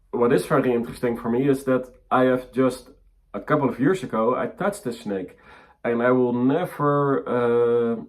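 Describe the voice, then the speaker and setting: A man teaching about mediumship, speaking haltingly with many fillers and restarts, in a gentle, encouraging way. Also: mid-range voice. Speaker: spiritual teacher.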